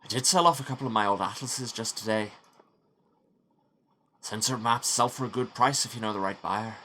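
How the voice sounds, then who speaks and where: A man's voice: fairly low pitch, normal speed, pushed and bright, slight background noise. A man voicing a gloomy young Scottish doctor in a shaky put-on Scottish accent that slides toward Irish, with a dry, rueful manner. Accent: put-on Scottish drifting toward Irish.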